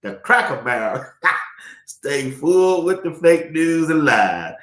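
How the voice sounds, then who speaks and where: Speaking slowly in a sing-song way, a man with a slightly high, somewhat bright voice hosts a live sports talk stream. He reads viewer comments, laughs frequently, and chats casually, with the room sounding echoey.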